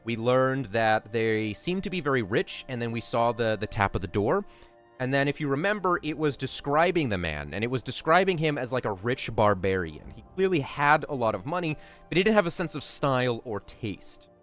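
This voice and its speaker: Playful, animated man streaming. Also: mid-range voice, normal speed, faint music behind. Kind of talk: casual chat and reading a book aloud.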